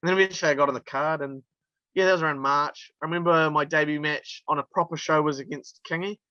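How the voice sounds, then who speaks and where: Chatty New man, bright voice. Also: a little high, steady tone, fast, no echo, lo-fi sound. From New Zealand. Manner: chatty, laughs through anecdotes, many fillers. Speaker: interview guest, wrestler. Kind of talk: casual storytelling interview.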